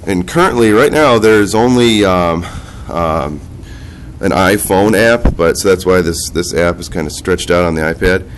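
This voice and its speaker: Low-voiced nasal man demoing a gadget. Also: a little hiss or hum. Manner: halting, talks while operating a device. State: nasal from a cold. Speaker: product demonstrator. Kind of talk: casual product demonstration.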